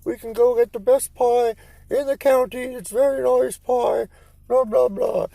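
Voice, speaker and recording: A chatty, prim old English lady, put on by a man telling a story, with a high, thin voice. She prattles and scolds in a fussy way. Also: steady tone, measured pace, vocal fry, mellow, dry recording, full character voice, low-quality recording.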